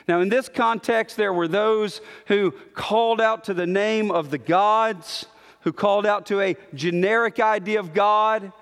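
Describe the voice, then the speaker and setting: A man preaching a sermon, building emphatic repeated declarations and then dropping to a hushed tone. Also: sits high. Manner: emphatic, repetitive declarations, swings from loud to hushed. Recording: long hall reverb.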